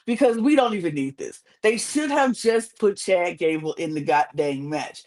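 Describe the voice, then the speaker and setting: A woman's voice: fairly high pitch, very animated, normal speed, low-quality recording. A woman co-hosting a podcast, ranting emphatically and indignantly in casual chat, repeating phrases for effect. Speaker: podcast co-host. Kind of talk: heated casual recap rant.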